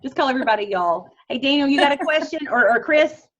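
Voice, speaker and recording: A woman's voice: high-pitched, lively intonation, quick pace. A woman hosting a video call Q&A, friendly and encouraging. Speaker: host. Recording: muffled video call audio.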